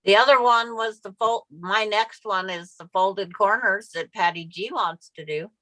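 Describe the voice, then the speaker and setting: A woman's voice: mid-range voice, normal speed, a bit bright, dry recording, rough recording. A woman co-hosting a quilting live stream, chatting casually and describing what she is doing as she works. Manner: narrates what she is doing, laughs easily. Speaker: quilting co-host. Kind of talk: casual chat while crafting.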